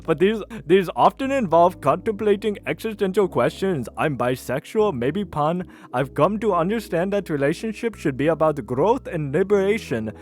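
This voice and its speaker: A man's voice: high-pitched, expressive, moderate pace, hardly any pauses. A man voicing an earnest male dating-profile writer, reading aloud in a put-on Indian accent. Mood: mock-earnest.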